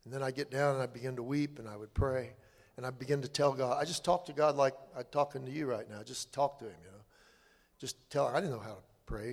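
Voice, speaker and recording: An older man telling his personal testimony in a halting, earnest way, with many restarts. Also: mid-range voice, vocal fry. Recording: long hall reverb.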